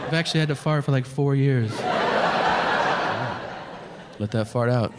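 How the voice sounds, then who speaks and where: A man's voice: medium pitch, moderate pace. A stand-up comedian in his thirties telling a profane story on stage, acting out both sides of a conversation. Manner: animated, profane storytelling with acted-out dialogue. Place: comedy club stage before a laughing audience. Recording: reverberant venue with crowd noise.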